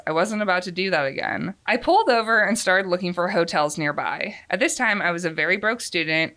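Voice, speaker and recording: A woman reads anonymous confession stories aloud to her co-host. Her voice is bright and her pitch moves in wide, lively swings. She breaks into laughter between passages. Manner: laughs often between lines. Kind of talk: reading stories aloud with reactions.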